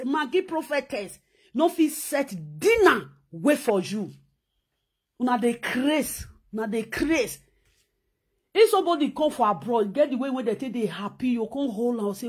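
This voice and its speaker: A high-pitched woman speaking with a Nigerian Pidgin accent. She rants at the camera in a scolding, mocking, animated way. She keeps sewing as she talks. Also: normal speed, slightly rough. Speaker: vlogger. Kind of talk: ranting vlog commentary.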